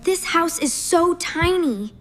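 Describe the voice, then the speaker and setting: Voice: extremely high pitch, expressive, slow, in a large hall, music in the background, heavily acted. A voice doing a whiny spoiled little boy. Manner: whiny and demanding. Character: spoiled, bratty young boy.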